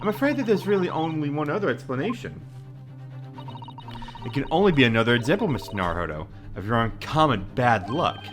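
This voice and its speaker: A player reading a game's composed young female legal assistant, polite and measured. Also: mid-range voice, very animated, over music, lightly acted. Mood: reassuring.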